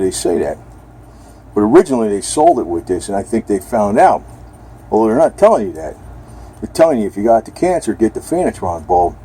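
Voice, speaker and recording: A man's voice: lowish voice, dark tone, husky. A man talking casually and bluntly in a rambling home video, now and then speaking to his cat. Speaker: vlogger.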